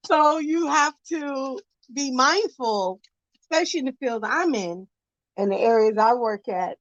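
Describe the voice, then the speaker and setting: A woman's voice: on the high side, lively intonation, a little slow, no echo, low-quality recording. A woman on a video call, chatting casually in a panel with a hesitant manner, lots of fillers and laughs between her points. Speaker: panel guest. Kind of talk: casual chat.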